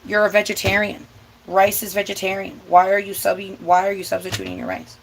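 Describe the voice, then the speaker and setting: A woman's voice: medium pitch, animated, brisk, a little hiss or hum, low-quality recording. A young woman hosting a cooking vlog, ranting bluntly and with lots of swearing, sometimes stretching her words out for emphasis. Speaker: vlog host. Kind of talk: casual ranting chat while cooking.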